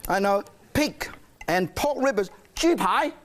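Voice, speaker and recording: A man's voice: high-pitched, lively intonation, measured pace, a bit bright. A man hosting a cooking show, demonstrating a dish in a studio kitchen with playful energy, coaxing his audience along.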